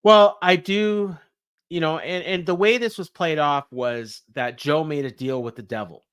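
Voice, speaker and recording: Smooth-voiced man recapping wrestling. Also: a little high, measured pace, a bit bright. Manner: rambling play-by-play with many fillers. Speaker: podcast co-host.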